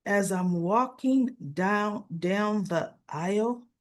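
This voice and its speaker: A woman's voice: medium pitch, takes it slowly, lightly acted. A woman doing an emotional young nurse. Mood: hurt. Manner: emotional, pleading. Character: excited then hurt young woman nurse.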